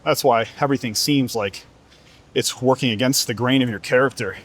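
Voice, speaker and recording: A man's voice: medium pitch, a little fast, fairly bright tone. A man who is a fitness coach giving an earnest, emphatic motivational talk, repeating rhetorical questions to the listener.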